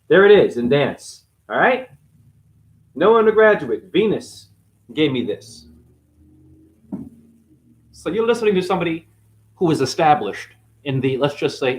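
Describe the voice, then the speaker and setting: On a livestream, a medium-pitched host from Boston rambles, swears, and stays animated. He jumps between topics and acts out the people in his stories.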